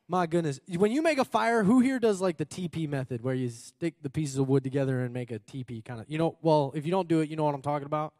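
Talking fast with hardly any pauses, a man with a fairly high, expressive, a little mellow voice preaches as pastor from Minnesota. He is earnest and emphatic, often repeating phrases and laughing at times. The clean studio sound has no room sound.

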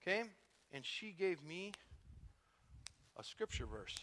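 A man preaching a sermon, telling his own testimony, dropping quiet then building to loud, impassioned peaks. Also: high-pitched, sing-song, slow pace, pauses often, long reverb tail, a little hiss or hum. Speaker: pastor.

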